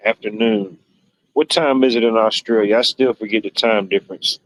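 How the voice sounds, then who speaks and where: Guy hosting a stream, kinda low voice, jokey and rambly. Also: fairly even intonation, normal speed, no room sound, low-quality recording. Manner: rambling, joking, folksy. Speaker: livestream host. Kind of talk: casual chat reading viewer comments.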